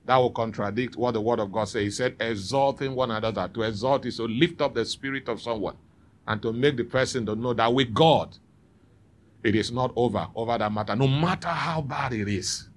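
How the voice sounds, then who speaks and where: A man's voice: mid-range voice, fairly quick. Man preaching a sermon. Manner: preaching with call-and-response. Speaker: pastor. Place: church.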